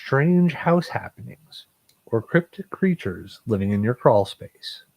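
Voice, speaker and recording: A male podcast co-host who chimes in with short, dry, teasing jokes. His voice sits at a middle pitch. It is recorded close and dry, with no room sound. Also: sing-song, unhurried, gravelly, a little mellow, no echo. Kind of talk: casual podcast chat.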